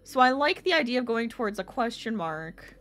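Excitable girl streamer chatting w her viewers, voice bouncing all over. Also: fairly high pitch, fairly quick, soft background music. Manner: excitable, chatty, reacting aloud to chat. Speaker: game streamer. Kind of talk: casual gameplay commentary.

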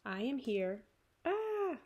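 A big, earnest male bear from a picture book, read aloud by a woman. His voice comes out gravelly and a little husky, sung and spoken in a gentle storybook way. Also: medium pitch, moderate pace, highs cut off. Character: big hairy hopeful male bear cub-grown delivery bear.

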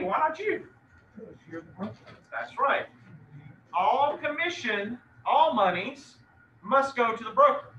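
A male real estate instructor giving an animated classroom lecture and quizzing his students by name. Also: sits high, slight background noise. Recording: echoey classroom from far off, dull.

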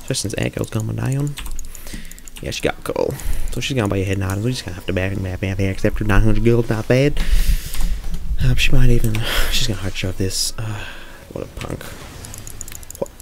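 A man's voice: lowish voice, quick pace, creaky, background noise. A man giving casual live commentary on his own gameplay, thinking aloud as he plays.

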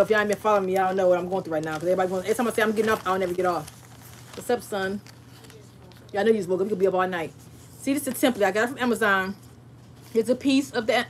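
A woman hosting a crafting livestream from her home craft room, talking fast and chatty and laughing often. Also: mid-range voice, slight background noise. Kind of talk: casual livestream chat and craft demo.

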